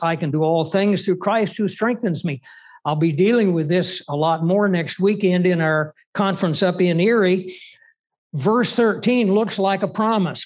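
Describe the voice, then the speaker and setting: Male preacher, high-pitched, emphatic, full of rhetorical questions. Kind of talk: sermon.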